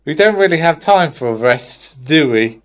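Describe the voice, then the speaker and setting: A man playing in a tabletop game, talking in a quick, exasperated way. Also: a little high, expressive. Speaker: player. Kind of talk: casual tabletop chat.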